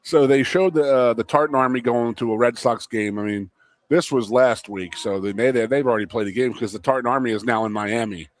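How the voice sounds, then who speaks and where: A man from the Philadelphia area, co-hosting a live talk show, telling stories in an animated way and laughing easily. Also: mid-range voice, brisk. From Philadelphia area, USA. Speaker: co-host. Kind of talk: casual sports talk show chat. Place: restaurant.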